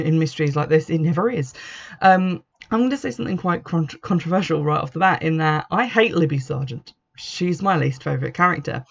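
Chatty book reviewer, gravelly voice, dull lo-fi sound, opinionated and full of fillers. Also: mid-range voice.

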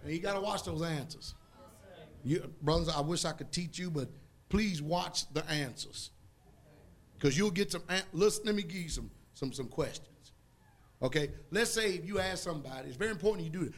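A man preaching a sermon in a folksy, emphatic way, drawing call-and-response from the congregation and rising to loud outbursts. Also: a little high, animated, normal speed.

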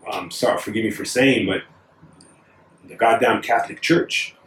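A man in casual conversation, talking haltingly and earnestly with many fillers. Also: fairly low pitch, a bit bright, a little hiss or hum. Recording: echoey room, distant mic.

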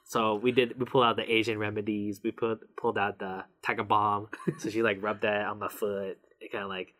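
A young man, co-host of a casual chat podcast, telling a personal story in an animated way and laughing often. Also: fairly low pitch, brisk.

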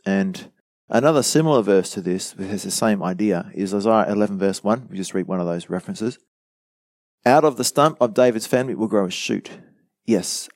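Low-voiced man teaching a sermon. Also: a little mellow, no echo. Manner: earnest, explanatory, quotes commentators and asks the listeners questions. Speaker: pastor.

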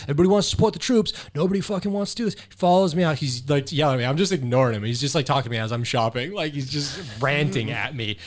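Profane rambling young man. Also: mid-range voice. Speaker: podcast host. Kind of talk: casual chat.

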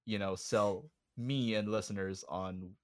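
A man's voice: fairly low pitch, fairly even intonation, unhurried. A man co-hosting a podcast in casual chat, laid-back and affirming, setting up a game segment. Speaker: podcast co-host.

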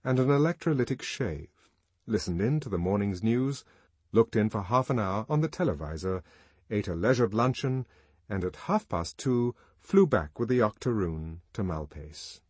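Low husky male narrator, lively delivery. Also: no echo. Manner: measured, expressive reading. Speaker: audiobook narrator. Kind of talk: scripted narration.

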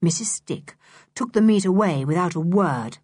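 A woman narrating a children's audiobook in an expressive, animated reading style. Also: lowish voice, moderate pace, breathy edge, no echo, clean studio sound. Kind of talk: storybook narration.

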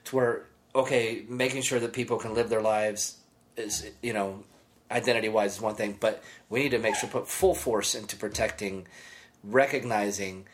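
A man's voice: fairly low pitch, steady tone, normal speed. A man co-hosting a casual podcast chat, earnest and rambling, with self-correcting asides. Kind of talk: casual conversation.

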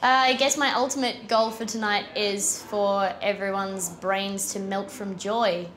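A woman's voice: mid-range voice, fairly even intonation, unhurried, fairly bright tone. Young aussie woman, dry and understated, faint noise. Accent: Australian. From Australia (Adelaide). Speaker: comedian.

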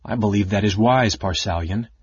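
A man voicing a mild, diplomatic male mage who speaks calmly. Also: lowish voice, normal speed, breathy edge, no echo, lo-fi sound. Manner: mild, calm.

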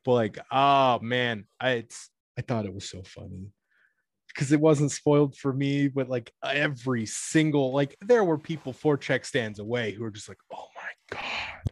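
At a normal speed, a man in his twenties casually recounts his experiences as a retail cashier, wandering off track, saying "like" a lot, and restarting his sentences. He voices the people in his stories with sudden high-pitched bursts and laughs. No room sound can be heard.

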